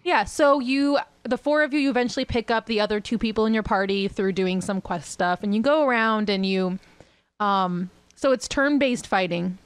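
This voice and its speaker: A woman's voice: mid-range voice, moderate pace, smooth, no echo. A woman co-hosting a podcast, chatting casually and rambling with lots of fillers and laughs. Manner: rambling, giggly, lots of likes and ums. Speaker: podcast co-host. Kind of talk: casual chat.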